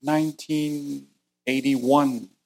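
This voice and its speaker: A middle-aged man from Vietnam delivers a sermon built on personal testimony. He speaks at an average pitch with earnest, plain storytelling, and his voice rises sharply when the story turns tense. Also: steady tone, extremely slow, creaky, mellow. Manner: earnest storytelling, voice climbing high at intense moments. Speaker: preacher.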